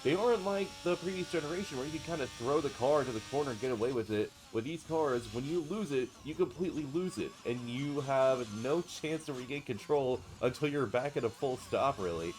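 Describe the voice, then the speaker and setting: A man with a stuffy, congested voice giving live commentary on a racing game and calmly explaining car setup. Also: medium pitch, a little fast, hardly any pauses, a little hiss or hum. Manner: explanatory, steady analysis. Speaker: esports commentator.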